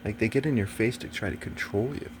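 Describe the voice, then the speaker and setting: A man's voice: lowish voice, fast talker, background noise. A man talking in a rambling casual monologue, swearing often and turning agitated and preachy.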